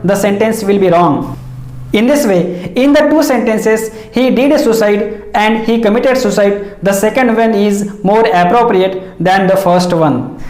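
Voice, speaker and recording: Woman, teaching, measured and repetitive, reverberant room. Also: a little high, darkish tone. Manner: measured, explanatory, repeats key phrases. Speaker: English teacher. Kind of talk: instructional lecture. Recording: echoey room.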